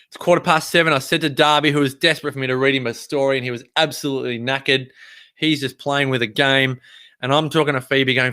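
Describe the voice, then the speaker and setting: A man with an Australian accent telling a story in a chatty, animated way. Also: mid-range voice, quick pace, clear, resonant tone. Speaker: vlogger. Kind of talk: casual storytelling.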